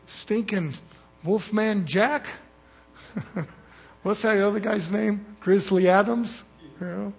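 Male preacher, raspy rough voice, slightly high, blunt folksy sermon style with call-and-response.

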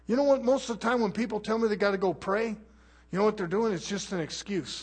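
A man delivering a fiery sermon with a high, husky voice. He scolds and exhorts, dropping from loud preaching into low muttered asides. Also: fairly quick.

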